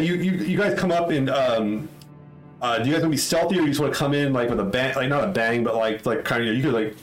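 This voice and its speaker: A man's voice: mid-range voice, roomy sound, rough recording. A man narrating a tabletop game as game master who rambles, restarts, and fills his speech with "like" and "uh.". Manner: rambling, many fillers and restarts.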